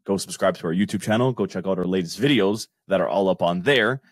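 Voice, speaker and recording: A man's voice: low voice, fast, dry recording. A man co-hosting a casual sports podcast, joking around and laughing often. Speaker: podcast co-host. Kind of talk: casual chat.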